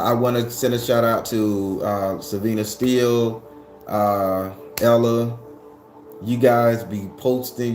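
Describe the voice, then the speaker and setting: A man hosting his tarot channel, chatting casually with viewers, animated and cussing, often laughing and shooting his voice up when worked up. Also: lowish voice. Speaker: tarot reader and channel host. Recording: echoey room with faint background music.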